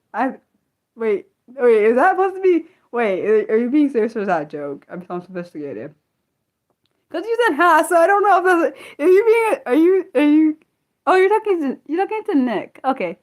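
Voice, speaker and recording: A young American woman hosting a casual livestream, excitable and apologetic, talking back to her chat with many restarts. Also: a little high. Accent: American, Maryland. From United States. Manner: excitable, apologetic, lots of restarts and self-corrections. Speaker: livestream host.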